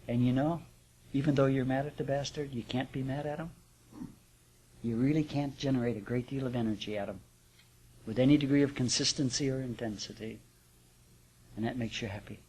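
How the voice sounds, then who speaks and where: A man at a middling pitch teaches a spiritual class before a live audience. He talks in a relaxed, conversational way, checks in with his listeners as he goes, and chuckles now and then. A faint hiss sits under the recording. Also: fairly quick, long pauses. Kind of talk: live class talk on yoga and affirmations.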